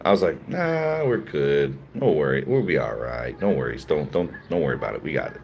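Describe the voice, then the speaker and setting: Laughing, animated Philly man telling a story. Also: very deep voice, brisk, creaky, slight background noise. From Philadelphia. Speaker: streamer. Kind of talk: casual storytelling to live chat.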